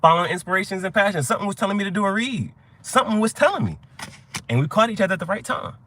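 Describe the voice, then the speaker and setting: A man's voice: high voice, animated, racing, a bit bright, slight background noise. A young adult man hosting a tarot reading chat, talking in a rambling, profane way and telling stories with quoted voices. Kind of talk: casual livestream chat.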